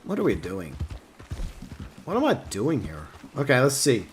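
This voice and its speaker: A man's voice: mid-range voice, huge pitch swings, unhurried, slight background noise. A man chatting casually during a live game stream, answering viewers and joking in a mock-whiny way.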